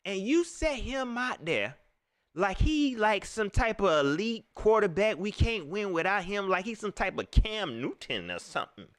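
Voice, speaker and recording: A man ranting in casual slang about football, repeating his points with animated emphasis. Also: sits high, measured pace, clean tone, dry recording, clean studio sound. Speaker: sports vlogger. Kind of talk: casual sports rant.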